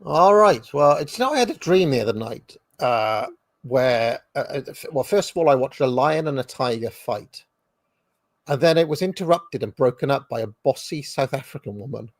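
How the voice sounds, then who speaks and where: Gravelly husky guy rambling on a stream, lots of restarts, dry sound. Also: medium pitch, animated, no echo. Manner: rambling, halting, many restarts. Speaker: podcast host. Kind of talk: casual livestream chat.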